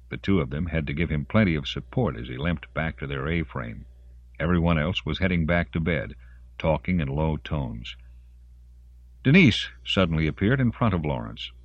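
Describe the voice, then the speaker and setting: A man narrating an audiobook in a very deep voice that moves expressively through a wide range of pitch. The recording is dry and a little dull, without much room sound. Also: animated, moderate pace, no echo. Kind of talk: scripted narration.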